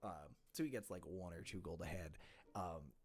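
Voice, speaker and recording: A man's voice: deep voice, normal speed, darkish tone. A man narrating as game master of a tabletop game, in a loose, meandering way with self-corrections.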